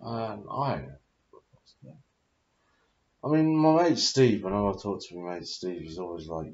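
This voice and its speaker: A man's voice: on the low side, unhurried, pauses often, a little mellow, echoey room. A British man in his thirties, talking in a rambling, confused, confessional monologue full of swearing. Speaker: vlogger. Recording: dull lo-fi audio.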